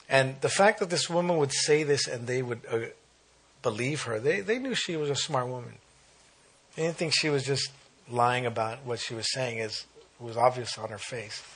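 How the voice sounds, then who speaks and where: Husky guy preaching, reads verses then gets all worked up. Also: medium pitch. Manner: animated, exclaims and reads scripture aloud. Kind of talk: sermon.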